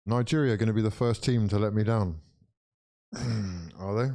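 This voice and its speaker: Reacting to a football match as it unfolds, this young streamer calls out and talks straight to his viewers in loose, casual bursts. His lowish voice is mellow, and his tone jumps quickly into excitement.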